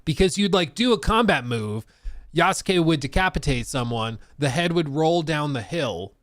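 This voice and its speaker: A man hosting a casual live stream, talking in an animated, slangy way and laughing often. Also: a little high, moderate pace, no echo, clean studio sound. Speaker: livestream host.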